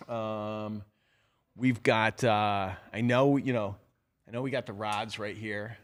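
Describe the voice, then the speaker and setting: A man's voice: on the low side, steady tone, slow. A middle-aged man hosting a live show, talking casually in a rambling, chatty way full of fillers. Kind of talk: casual live-stream talk.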